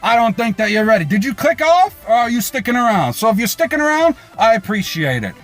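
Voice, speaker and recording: A man hosting a reaction video, recapping an episode casually with swearing and lively pitch swings. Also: quick pace, soft background music. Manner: animated, swings pitch for emphasis.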